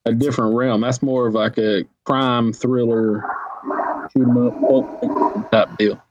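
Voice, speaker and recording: A man's voice: medium pitch, flat delivery, a little slow, very noisy. A man chatting as a podcast guest, teasing his partner and speaking bluntly. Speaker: podcast guest, small press co-founder. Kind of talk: casual chat. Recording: dull lo-fi sound.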